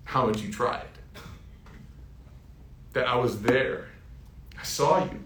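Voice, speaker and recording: A man in his thirties, an Islamic preacher, delivers a heartfelt sermon, telling stories and building to emphatic peaks. His medium-pitched voice is a bit bright and he speaks slowly, with a roomy echo on the recording.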